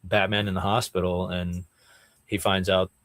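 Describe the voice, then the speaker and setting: A low-pitched man with little pitch movement and a fairly bright tone talks at normal speed, with no room sound. Co-hosting a laid-back comic-book podcast, he excitedly lays out details, full of "like" and "dude."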